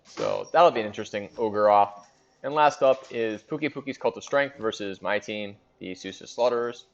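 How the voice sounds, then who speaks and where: A man's voice: fairly low pitch, moderate pace, dull audio. A man hosting a casual recap of a league in a fantasy sports board game, chatting and thinking aloud with fillers.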